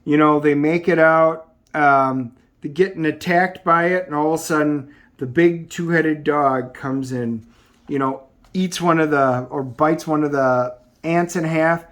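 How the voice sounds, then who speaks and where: A man's voice: on the high side, fairly even intonation, unhurried, a bit bright. A man casually recapping a comic book's plot as a reviewer, rambling with lots of ums and uhs. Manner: rambling, filler-heavy summarizing.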